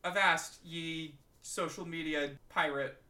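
A man's voice: a little high, steady tone, slow, full character voice. A man putting on a hammy old-timey pirate storyteller, spinning a yarn in mock sea-dog talk. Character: adult male pirate storyteller. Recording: roomy, distant, over loud guitar.

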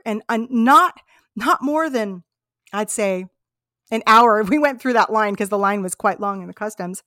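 A woman's voice: medium pitch, measured pace, bright, forceful tone, no echo, studio quality. A woman hosting a podcast, telling personal travel stories in an earnest, heartfelt, reflective way. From United States. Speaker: podcast host. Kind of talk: personal storytelling monologue.

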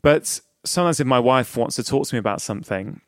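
A man's voice: mid-range voice, expressive, fast, dry recording, studio quality. A man who hosts an interview and works as a family doctor, talking in a reflective, thoughtful way. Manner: thoughtful, reflective, with some restarts. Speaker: host, general practitioner. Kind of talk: conversational podcast interview.

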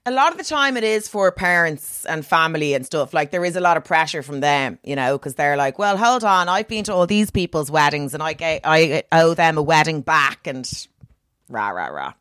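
A woman's voice: low voice, fairly quick, hardly any pauses, a bit bright, dry recording, clean studio sound. A woman guesting on a podcast, chatting casually in a playful, self-mocking way.

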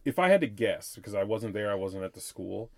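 Animated man giving his opinions. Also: fairly low pitch, fairly quick. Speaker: podcast co-host. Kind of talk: casual chat.

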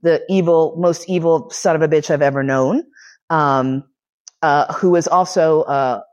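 A woman's voice: low-pitched, unhurried, a little mellow, muffled recording. A woman from New York City hosting a podcast lecture, telling a story in casual, profane talk and laughing often. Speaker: podcast host giving a lecture.

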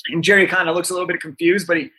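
A young man in his twenties, a podcast guest, telling an animated story with frequent "right?" asides. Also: sits high, racing.

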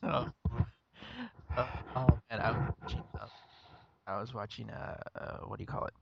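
A man's voice: mid-range voice, fairly even intonation, normal speed, creaky, muffled recording, very noisy. A man in his late thirties hosting a podcast, telling stories animatedly and laughing often. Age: late 30s. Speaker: podcast host. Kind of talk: casual podcast chat.

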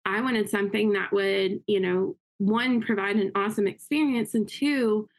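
A woman guest in an interview, telling her story in a quick, upbeat way and acting out quotes. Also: medium pitch, steady tone. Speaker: interview guest, realtor and investor. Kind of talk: casual interview talk.

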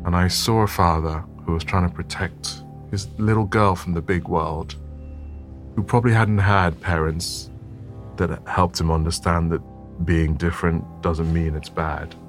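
A man's voice: sits low, fairly even intonation, measured pace, faint music behind. A man, a photographer telling a story thoughtfully in an interview and often repeating words as he gathers his thoughts. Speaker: photographer guest.

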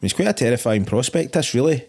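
A man's voice: medium pitch, lively intonation, fast, darkish tone, husky. A Scottish man in his forties, co-hosting a casual film podcast with blunt, sweary banter. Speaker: podcast co-host. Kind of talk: casual film commentary chat.

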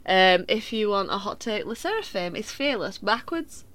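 A woman co-hosting a casual podcast chat, gushing and excitable as she talks about her favourite acts. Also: medium pitch, moderate pace. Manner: gushing and excitable fan talk. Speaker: podcast co-host.

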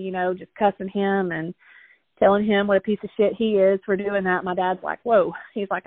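A young adult woman telling a painful family story as an interview guest, earnest and halting, with many restarts. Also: mid-range voice, flat delivery, dry recording, narrow, tinny audio. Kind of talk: emotional personal storytelling.

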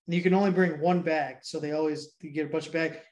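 Brief: young male podcast host, fairly high voice, loose and profane, rambles through a movie plot. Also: fairly even intonation, quick pace, a little mellow. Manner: rambling, heavy swearing, laughs while telling. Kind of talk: casual chat, retelling a movie plot.

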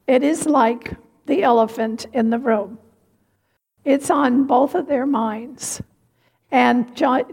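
A woman giving a sermon, telling a story slowly and reflectively. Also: fairly high pitch, a little mellow, breathy edge. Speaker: preacher. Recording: reverberant hall.

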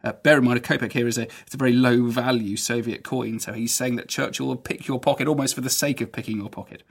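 A man hosting a history podcast, explaining events in an enthusiastic, conversational way with frequent halting restarts. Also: medium pitch, fairly even intonation, vocal fry. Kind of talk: educational podcast narration.

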